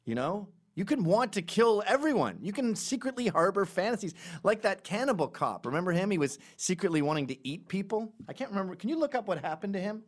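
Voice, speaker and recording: A middle-aged man hosting a podcast, telling stories in an animated, sarcastic, casual way. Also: high voice, fairly quick, few pauses. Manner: animated storytelling with sarcastic asides. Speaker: podcast host.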